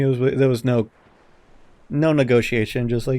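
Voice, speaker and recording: A man's voice: mid-range voice, fairly quick, clear, resonant tone, no room sound. A man co-hosting a podcast in casual chat, telling a story with lots of swearing and acted-out quotes. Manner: animated storyteller, acts out quotes, swears often. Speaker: podcast co-host.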